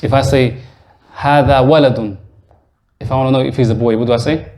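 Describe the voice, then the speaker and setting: Male teacher, mid-pitched, leads a beginners' class in a mosque classroom, explains patiently and quizzes students. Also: steady tone, brisk, a little mellow. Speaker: Arabic teacher. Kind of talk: classroom lesson.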